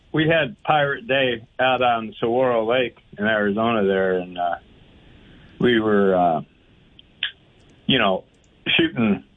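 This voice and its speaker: A man calling into a radio show and telling a story in a chatty, hesitant way, with many fillers. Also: lowish voice. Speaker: radio caller. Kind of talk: casual anecdote over the phone. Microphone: telephone. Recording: tinny phone line.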